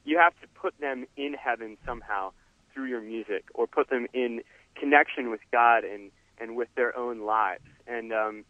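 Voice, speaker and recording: A man, a guest musician, giving earnest, halting answers with many fillers. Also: medium pitch, steady tone, dry recording. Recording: tinny phone line, dry.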